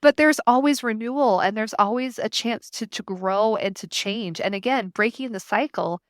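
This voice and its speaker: A woman's voice: on the high side, moderate pace, dry recording, studio quality. A woman in her thirties, a podcast guest, talking earnestly and reflectively in long flowing runs. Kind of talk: casual conversation.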